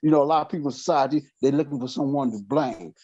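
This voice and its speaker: A man's voice: medium pitch, fast, warm tone, breathy edge. A man sharing in a support group over a video call, speaking earnestly and reflectively. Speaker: group participant. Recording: dull video-call audio.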